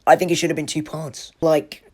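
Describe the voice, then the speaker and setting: Chatty film reviewer, mid-pitched. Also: level tone, fairly quick, dark tone. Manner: chatty, lots of "like" and "you know". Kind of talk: casual spoiler review monologue.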